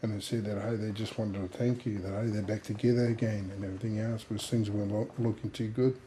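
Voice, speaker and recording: A man's voice: fairly low pitch, little pitch movement, fast, warm tone, slight background noise. A man telling an emotional personal story in a workplace safety talk. He rambles and uses many fillers as he speaks. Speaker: injured worker sharing his story.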